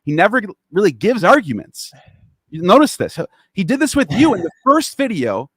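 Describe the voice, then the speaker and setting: A man's voice: high-pitched, wildly swooping pitch, normal speed, husky, dry recording, studio quality. A man hosting a casual online discussion, talking in a rambling, profane and heated way. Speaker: podcast host.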